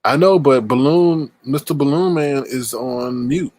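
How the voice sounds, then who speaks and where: A man's voice: mid-range voice, a little slow, darkish tone. A man hosting a casual live chat, playful and teasing. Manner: playful, teasing, makes bird calls. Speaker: host.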